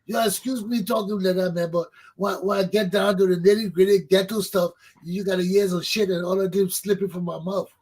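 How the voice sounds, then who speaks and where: A man's voice: sits high, fairly even intonation, fairly quick, few pauses, a little mellow, slightly rough, low-quality recording. A man, hosting a talk show, delivering a fervent political monologue that preaches, repeats points for emphasis and swears. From Liberia.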